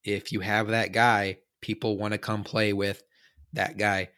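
A man hosting a sports podcast, chatting casually and telling stories with animated quoted voices. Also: lowish voice, a little slow, clear, resonant tone. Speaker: podcast host.

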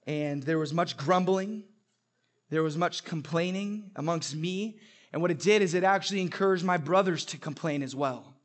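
A man's voice: fairly high pitch, moderate pace. A young adult man preaching a sermon, telling stories with humor and emphatic repetition. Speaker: pastor.

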